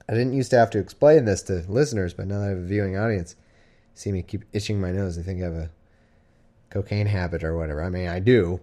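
A man hosting a comedy podcast reads archaic Bible verses aloud, then breaks off into casual, sarcastic, irreverent riffs. His voice is fairly low and mellow.

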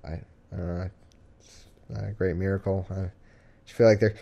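Wry, rambling man with a lowish voice. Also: moderate pace, vocal fry, long pauses, warm tone. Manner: wry, rambling, sarcastic asides. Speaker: live-stream host. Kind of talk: casual scripture reading with commentary.

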